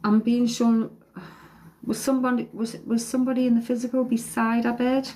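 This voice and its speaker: A woman psychic medium giving a reading on a live stream, her voice warm and mellow. She speaks in halting, emotional bursts, sighing and tearful between phrases. A faint background hiss sits under her voice. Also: a little high, flat delivery, rough recording. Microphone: phone or webcam on a live stream.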